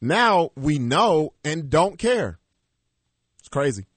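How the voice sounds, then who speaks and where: Lively-voiced male radio co-host. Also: a little high, takes it slowly, breathy edge, no room sound. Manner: easygoing, short replies. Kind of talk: sports talk radio banter. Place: radio studio. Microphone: studio microphone.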